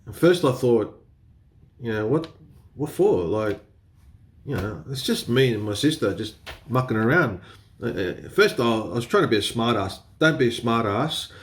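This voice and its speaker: With a mid-range voice and lively intonation, this Australian man explains things casually to camera at a normal pace as a photography vlogger. Laughter comes often, along with a bit of swearing.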